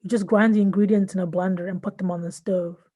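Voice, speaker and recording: A woman voicing a quiet young male doctor who answers in brief, plain words. The tone is mellow and dark, in a story reading. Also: mid-range voice, fairly even intonation, fast, natural voice. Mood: reserved.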